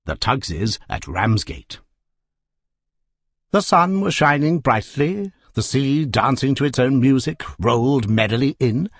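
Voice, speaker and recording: Husky-voiced male audiobook narrator. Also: medium pitch, no room sound, studio quality. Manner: expressive, measured storytelling. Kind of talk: audiobook narration of a classic novel.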